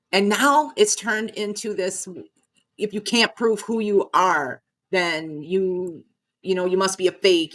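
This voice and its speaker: A woman's voice: low-pitched, fairly bright tone. A middle-aged woman vlogging a frustrated rant, swearing and repeating herself, choked up at times. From Nevada.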